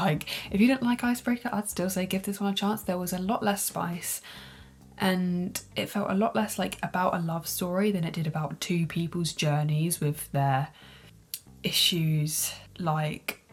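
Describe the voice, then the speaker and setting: Expressive woman ranting in a reading vlog. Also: fairly low pitch. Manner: expressive, ranting, swears freely. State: teary from crying. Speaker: booktuber. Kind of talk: casual reading vlog chat.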